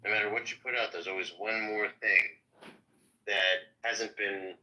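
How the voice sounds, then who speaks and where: A man giving a measured take in a political discussion, with many fillers. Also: fairly low pitch, steady tone, sharp tone, low-quality recording.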